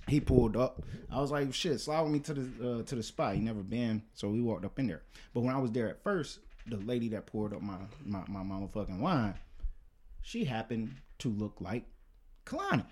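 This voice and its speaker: A young man hosting a podcast, telling loose, profane stories in a casual monologue and acting out the quotes. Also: mid-range voice. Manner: loose, profane, animated retelling with acted-out quotes. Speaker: podcast host.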